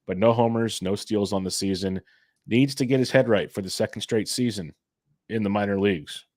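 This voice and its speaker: A man's voice: on the low side, a little fast, a little mellow, no echo, studio quality. A man co-hosting a fantasy baseball podcast, talking casually and a bit sarcastically. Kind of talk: casual sports chat.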